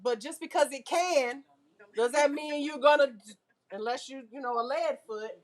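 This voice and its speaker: A woman teaching a nail class, lively and full of questions to her students. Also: high voice, normal speed. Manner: lively, asks the class questions, uses car comparisons. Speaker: nail instructor. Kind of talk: classroom lecture.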